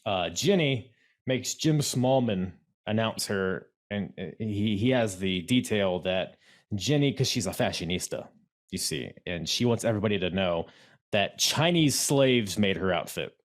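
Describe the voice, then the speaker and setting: In a relaxed wrestling recap on a podcast he co-hosts, a man talks with a lowish, expressive voice at an unhurried pace. He wanders off topic, fixes his own statements along the way and gestures while speaking.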